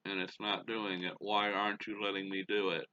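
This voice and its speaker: A man's voice: fairly low pitch, little pitch movement, brisk, sharp tone, dull audio. A middle-aged man hosting a gaming channel, calling a baseball sim game play-by-play and muttering to himself with folksy exclamations.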